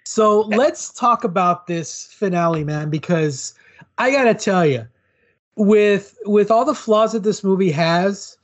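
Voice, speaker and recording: A man's voice: sits high, measured pace. A man co-hosting a podcast, chatting casually and enthusiastically about a movie, often saying "bro" and "dude". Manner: laid-back, says "bro" and "dude". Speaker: podcast co-host. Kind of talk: casual film review chat.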